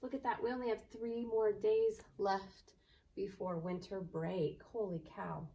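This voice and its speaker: Slow, gravelly-voiced woman teacher. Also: medium pitch, steady tone, distant mic. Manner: gentle, cheerful, talking slowly to little kids. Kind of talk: virtual class morning meeting for young children. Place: indoors.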